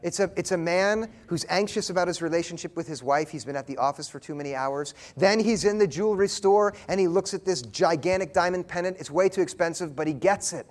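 A man in his thirties preaching a sermon, telling a story earnestly and pausing for emphasis. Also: sits high. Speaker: pastor.

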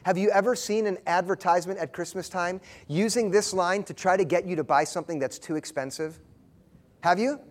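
Earnest, high-voiced male preacher. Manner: earnest storytelling with emphatic pauses. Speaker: pastor. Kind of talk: sermon.

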